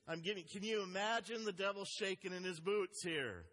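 A man's voice: high voice, moderate pace, hardly any pauses, fairly bright tone. A man preaching a sermon as a pastor, speaking earnestly and reading scripture aloud with emphasis. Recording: long hall reverb.

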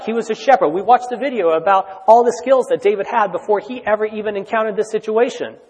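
A man preaching a sermon in a conversational, excitable way, with lots of "like" and "you know". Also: high-pitched, slightly rough. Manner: conversational, filler-heavy, excitable. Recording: long hall reverb.

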